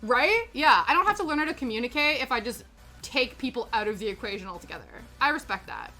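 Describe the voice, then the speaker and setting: A woman's voice: fairly high pitch, lively intonation, fast talker, pushed and bright. A young Canadian woman with a Canadian accent, chatting casually and giggling as she rambles on a crafting livestream. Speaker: streamer. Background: background music.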